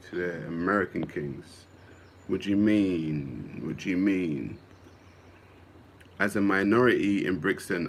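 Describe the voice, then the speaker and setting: A man's voice: low-pitched, slight background noise. A man, hosting a livestream and reading viewer comments aloud in a casual, musing way, often repeating himself.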